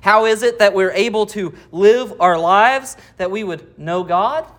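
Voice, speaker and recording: A preacher delivers an expository sermon at a medium pitch. The preacher reads verses aloud, then explains them and asks rhetorical questions of the listeners. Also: a little slow, a bit bright. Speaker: pastor.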